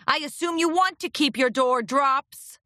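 A woman voicing a gruff, scratchy older male pony who is a secret agent boss, blunt and commanding in a storybook reading. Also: high voice, unhurried, sharp tone, no echo, clean studio sound, pitched above the performer's own voice.

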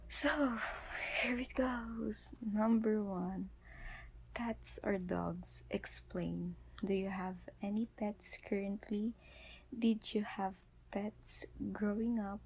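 A young woman whispers through a sleepy late-night question-and-answer vlog, her tired voice husky and gravelly. She talks very slowly in a dark, mellow tone, trailing off and restarting as she rambles. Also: medium pitch, poor audio.

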